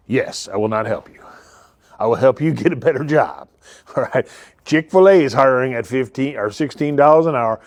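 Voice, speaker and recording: A man's voice: medium pitch, lively intonation, moderate pace, darkish tone, no echo, studio quality. Car-lot owner doing his own off-the-cuff ad, cracks himself up, keeps losing the thread. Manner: rambling, laughs often, self-interrupting. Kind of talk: joking improvised commercial spiel.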